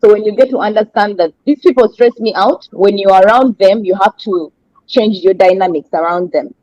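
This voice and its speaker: East african lady coach chatting, mellow voice, dry sound, does little higher voices for examples. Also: moderate pace, dry recording, muffled recording. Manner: explains by acting out stressed people in a higher voice. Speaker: life coach co-host. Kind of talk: casual discussion.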